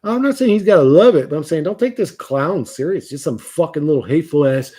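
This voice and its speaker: A man's voice: a little high, lively intonation, a little fast, mellow, slightly rough. A man hosting a livestream, talking bluntly and profanely in a rambling, casual way with frequent restarts. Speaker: livestream host.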